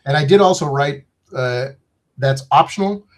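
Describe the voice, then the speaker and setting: A man's voice: a little high, normal speed. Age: 50s. Man, rambling game designer. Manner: rambling, joking, digressive. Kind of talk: casual interview chat. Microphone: video call.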